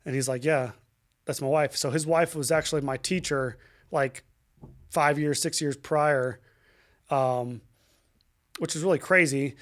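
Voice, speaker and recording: A young adult man speaks as a podcast guest, recounting his past with raw emotion. His voice sits a little high for a man, and he stumbles through restarts and fillers, cursing now and then. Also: fairly even intonation, fairly bright tone. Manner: emotional, halting, many fillers and restarts, swears. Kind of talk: personal storytelling in an interview.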